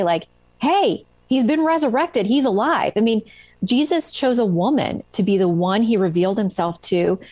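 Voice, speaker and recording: A middle-aged woman talks about her book in an earnest, animated way, with many small fillers as she goes. Her voice sits at an ordinary pitch and is recorded dry, with no room around it. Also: dry recording. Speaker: guest author. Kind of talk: conversational storytelling interview.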